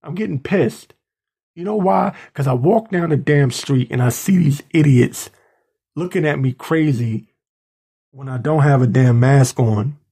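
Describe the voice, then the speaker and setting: In angry, indignant ranting commentary, a Washington DC–area podcast host mocks the people he covers. He speaks at a measured pace in a mid-range voice that's dark and slightly rough.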